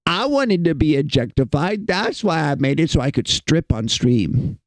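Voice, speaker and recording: A man's voice: fairly high pitch, very animated, moderate pace, dry recording. A man streaming casually, chatting with his chat in a playful, teasing way. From United States.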